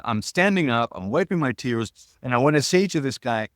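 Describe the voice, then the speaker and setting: A man's voice: medium pitch, animated, brisk, hardly any pauses, a bit bright, no room sound, studio quality. A man in his sixties telling personal stories as an interview guest, earnest and reflective, often restarting his sentences. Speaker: guest, shamanism teacher.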